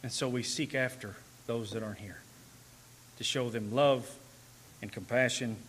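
Bright-voiced male preacher, earnest sermon. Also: medium pitch, steady tone, moderate pace, slight background noise. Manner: earnest, rising to emphatic and tender passages.

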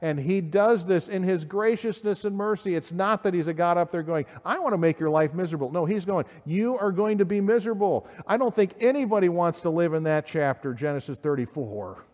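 A man preaching a sermon as pastor, earnest, voice rising with emphasis and then dropping low and quiet. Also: a little fast, hardly any pauses, big-room sound. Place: church sanctuary.

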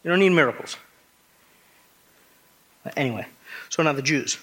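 Male pastor, slightly high and husky, conversational but emphatic pulpit delivery. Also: expressive, normal speed, a bit bright. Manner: emphatic, conversational preaching with frequent restarts and rhetorical questions. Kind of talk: expository sermon.

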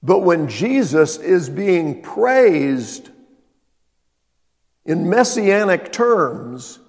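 Emphatic pastor preaching in an echoing hall. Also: male voice, sits high, sing-song, very slow. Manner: emphatic, swings from loud to quiet. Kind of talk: sermon. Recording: long reverb of a large hall.

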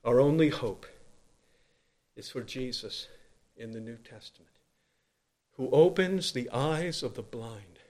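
A man preaching a sermon in an earnest voice, swinging from loud emphatic lines to quiet low ones. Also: animated, slow, long pauses.

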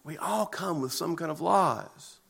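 A man preaching a sermon as pastor, earnest and emphatic, with deliberate pauses between phrases. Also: fairly high pitch, animated, gravelly, fairly bright tone, slightly rough.

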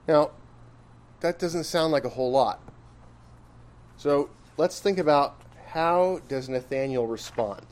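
A pastor with a slightly high voice preaches an expository sermon slowly, with long pauses. His style is conversational as he questions listeners and presses points with emphatic rises.

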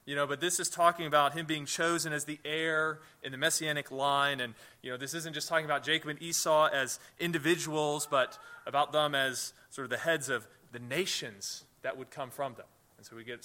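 A pastor preaches a teaching sermon in a conversational style, his voice a little high, bright and forceful. He often repeats words as he begins sentences and poses rhetorical questions to his listeners.

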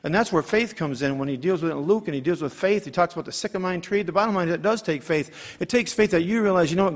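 A middle-aged man preaching a sermon, emphatic, calling for amens and asking the congregation rhetorical questions. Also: high-pitched. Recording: long hall reverb.

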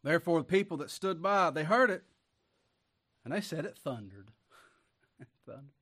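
A man preaching a sermon. He reads scripture slowly and with weight, swings between loud emphasis and quiet asides, and chuckles often. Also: fairly high pitch, lively intonation.

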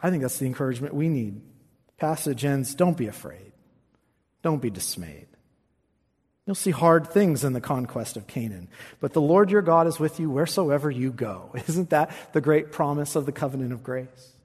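A man's voice: fairly high pitch, fairly quick, darkish tone, breathy edge. Man preaching in an echoing hall. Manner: emphatic scripture reading, soaring on quoted verses. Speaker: pastor. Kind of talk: sermon. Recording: long reverb of a large hall.

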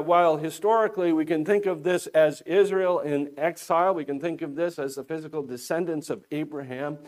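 A man preaching a sermon, earnest and exhorting, slowing down to stress key words. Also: a little high, darkish tone.

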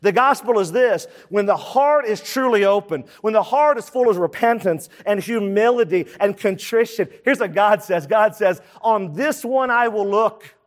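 A man with a high voice delivers a sermon, emphatic and full of rhetorical questions and repetition. His voice rings out with a long reverb, as in a large church sanctuary. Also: moderate pace, few pauses. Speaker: pastor.

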